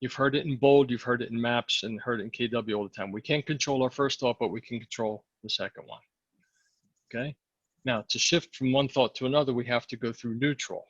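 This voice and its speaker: A man coaching salespeople in a training session, hoarse and losing his voice, often checking the group follows him. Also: mid-range voice, steady tone, brisk, dry recording, dull audio. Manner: coaching, asks the group questions. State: losing his voice, clearing throat.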